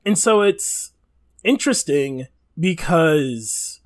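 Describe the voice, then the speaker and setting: A man's voice: on the high side, lively intonation, normal speed. A man co-hosting a podcast in casual chat, rambling, swearing freely and laughing often. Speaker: podcast co-host.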